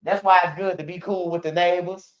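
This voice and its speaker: A man with a high voice hosts a street news channel. He talks in blunt, profane street storytelling. The recording sounds dull and lo-fi. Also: steady tone, brisk. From Chicago. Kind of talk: casual commentary.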